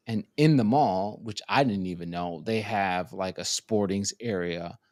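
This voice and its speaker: A man's voice: sits low, takes it slowly, hardly any pauses, no echo. A man tells stories in a loose, profane way, acting out the voices of the people he quotes. His recording is close and dry, with no room sound around it. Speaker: podcast co-host. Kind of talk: casual chat, storytelling.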